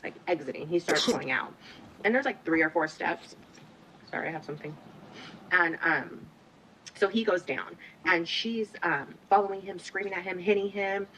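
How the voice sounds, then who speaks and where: Low-voiced woman retelling an indignant story. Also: moderate pace, fairly bright tone, a little hiss or hum, poor audio. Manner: matter-of-fact, indignant retelling. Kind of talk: personal storytelling.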